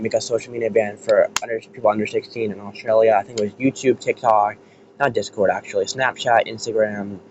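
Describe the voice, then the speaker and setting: A man's voice: on the low side, a little mellow. An American man giving a rambling, casual rant as an online commentator, swearing freely. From United States. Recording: muffled lo-fi with faint hiss.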